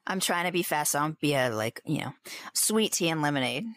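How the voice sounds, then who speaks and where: A woman's voice: low-pitched, animated, brisk, fairly bright tone, no echo. A woman co-hosting a podcast, chatting playfully as she taste-tests ice cream flavors and describes each one. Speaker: podcast co-host. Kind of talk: casual chat, live taste test.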